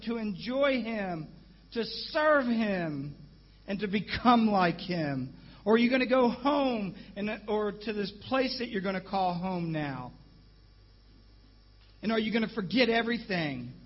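Man, high husky voice, slow unhurried sermon delivery, excitable storyteller, dull lo-fi church recording. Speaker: guest preacher.

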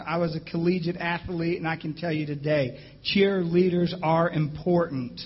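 High-voiced husky man preaching slowly. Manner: animated, excitable storyteller. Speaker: guest preacher. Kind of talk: sermon with personal storytelling. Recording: dull lo-fi church recording.

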